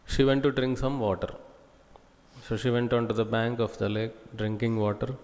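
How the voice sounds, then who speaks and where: A man with an Indian English accent giving a scripture class, telling a story slowly and deliberately, pausing through lists. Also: mid-range voice, flat delivery, a little mellow, in a large hall. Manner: slow, deliberate, with lists and pauses. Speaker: devotional speaker. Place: temple hall.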